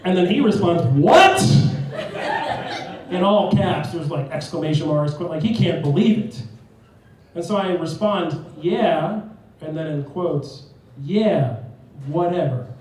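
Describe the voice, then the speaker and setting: A brash, profane young man works through a stand-up set on a comedy club stage, his voice sitting a bit high for a man. The sound comes from a distance through a very echoey room with faint noise behind it. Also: moderate pace, a crowd in the background. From New Jersey. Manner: brash, profane, acts out both sides of text chats in raised voices.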